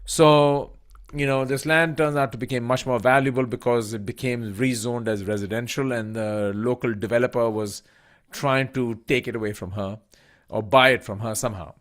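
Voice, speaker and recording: A man's voice: mid-range voice, fairly even intonation, normal speed, a bit bright. A middle-aged man from India telling a personal story in a talk as a professor and author. He tells it vividly, acts out the voices he quotes and leans on plenty of fillers. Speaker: business school professor and author.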